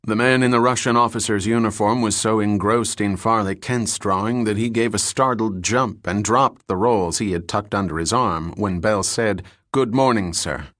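A man reading an audiobook in a measured, even narration. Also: fairly low pitch, no room sound, clean studio sound. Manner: measured, even reading with terse character dialogue. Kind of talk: scripted narration.

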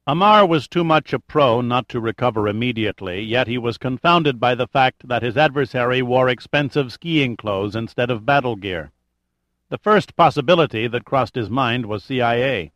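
This is scripted thriller narration by a man who voices audiobooks, delivered evenly and with measured pacing. The sound is close and dry, without any room echo, and his voice is mid-pitched.

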